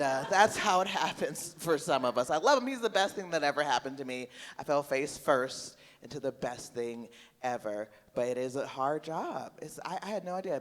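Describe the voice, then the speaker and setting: A woman in her forties performing a stand-up comedy set, brash and oversharing, with sudden bursts of loud outrage. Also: deep voice. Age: 40s. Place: comedy club stage with live audience. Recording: reverberant live venue with audience laughter.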